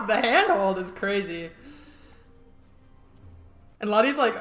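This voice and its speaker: A young woman reacting to a TV episode in a casual, chatty way, laughing often and full of "like"s. Her voice sits a little lower than most women's. The room around her has a clear echo. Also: normal speed, a bit bright, faint music behind. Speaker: TV reaction vlogger. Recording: roomy echo.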